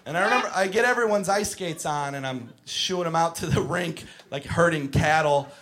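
A young man doing stand-up storytelling on a club stage, animated and bursting into shouts. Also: fairly high pitch, moderate pace. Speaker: stand-up comedian. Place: comedy club stage before a live crowd. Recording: live crowd audible.

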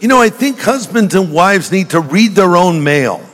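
Older male pastor with a joking delivery, a touch high, preaching in a reverberant church hall. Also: animated, normal speed, fairly bright tone. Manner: humorous storytelling, jokey asides to the congregation. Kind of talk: sermon.

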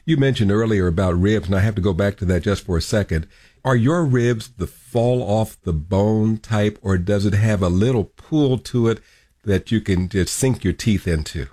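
A man's voice: on the low side, normal speed, mellow, no echo, clean studio sound. A man hosting a radio show, interviewing a guest with chatty broadcast-style questions.

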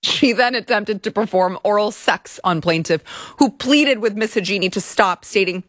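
A woman's voice: mid-range voice, moderate pace, a bit bright, dry recording. Woman host, wry commentary, incredulous asides, dry close mic. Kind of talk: commentary on a court filing.

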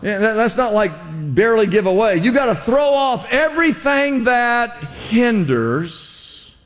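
A man's voice: extremely high pitch, very animated, measured pace, big-room sound. A male pastor preaching a sermon in a church, with impassioned exhortations and lots of repetition.

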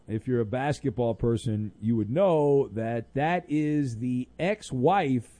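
A man's voice: on the high side, mellow, no room sound. A man hosting a sports talk radio show, sarcastic and mock-exasperated with callers.

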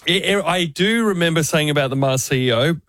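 A man's voice: fairly high pitch, brisk, a bit bright, dry recording, clean studio sound. A man on a podcast in casual chat. He is good-humoured and self-mocking. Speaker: podcast regular.

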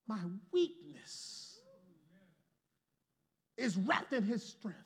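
Male pastor, higher-pitched voice, dramatic volume swings and call-and-response with the congregation. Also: sing-song, drawn-out words, vocal fry, husky. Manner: call-and-response preaching with sudden swings from loud to hushed. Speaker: preacher. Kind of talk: sermon. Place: church before a congregation.

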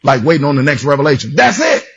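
Husky, animated preaching man. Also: fairly high pitch, fast. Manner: animated preaching, shouting and half-singing, storytelling with voices. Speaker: pastor. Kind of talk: sermon. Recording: dull lo-fi sound.

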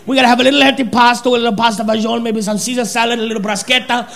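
A comedian putting on the voice of an excitable Italian restaurant waiter who keeps pushing food. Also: male voice, very high voice, racing, gravelly, exaggerated voice. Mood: insistent. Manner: excited, insistent.

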